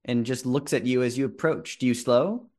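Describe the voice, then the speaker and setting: A man narrating a tabletop role-playing game as game master, with slow, descriptive storytelling. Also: mid-range voice, a little mellow.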